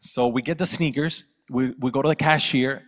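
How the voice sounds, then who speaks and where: Male pastor, story-driven sermon, mid pitch, long church reverb. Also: fairly even intonation, moderate pace. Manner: storytelling, acting out quoted voices.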